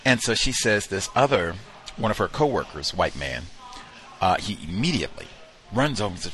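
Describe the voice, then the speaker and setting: A male talk show host telling a story in an emphatic, conversational way with drawn-out pauses. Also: lowish voice, big pitch swings, fairly bright tone, soft background music. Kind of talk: storytelling commentary.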